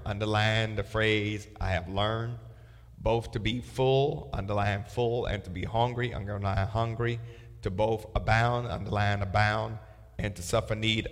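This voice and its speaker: A man's voice: lowish voice, long reverb tail. A man leading a Bible study, reading verses aloud and telling listeners what to underline and circle. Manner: reads scripture aloud with marking instructions. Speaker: pastor.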